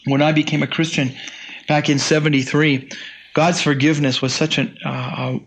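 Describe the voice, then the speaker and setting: A man in his sixties delivers a sermon, his voice sitting a little higher than most men's. He preaches conversationally, with folksy asides, and often restarts his sentences. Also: level tone, normal speed, slight background noise. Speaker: pastor.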